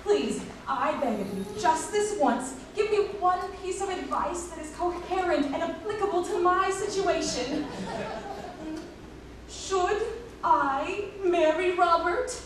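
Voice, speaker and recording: Brief: actress as a high, lively showgirl bride, flustered and dramatic, distant echoey stage recording. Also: slow pace, crowd noise, full character voice. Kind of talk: stage musical acting. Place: theater stage.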